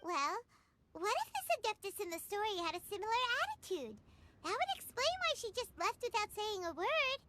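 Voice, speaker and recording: An actress voicing a tiny, excitable fairy companion who talks about herself in the third person. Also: female voice, very high voice, fairly quick, heavy background noise. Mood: teasing. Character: tiny floating fairy companion, chirpy and nosy. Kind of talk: game voice acting.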